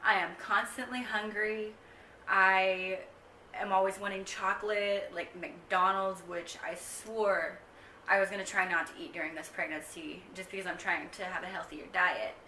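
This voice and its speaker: A woman's voice: mid-range voice, fairly even intonation, normal speed, bright, forceful tone, distant mic, a little hiss or hum. A young woman vlogging a casual pregnancy update to camera, chatty and rambling with lots of ums. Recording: echoey room, mic set back.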